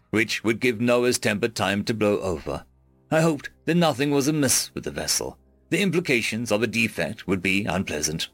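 A man reading a sci-fi story aloud in first person as an audiobook narrator, with expressive, varied delivery. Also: fairly low pitch, no room sound. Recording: dry close mic with faint music.

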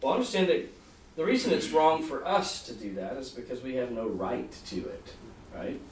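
A man's voice: mid-range voice, normal speed, a little hiss or hum. A man preaching a sermon in an earnest way, repeating key phrases for emphasis. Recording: roomy, distant mic, faint ambience.

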